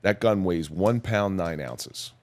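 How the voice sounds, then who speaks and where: Deep-voiced man recounting somberly. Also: expressive. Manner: measured, somber, plain-spoken recounting. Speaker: podcast guest, police officer. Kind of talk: personal storytelling in a podcast interview.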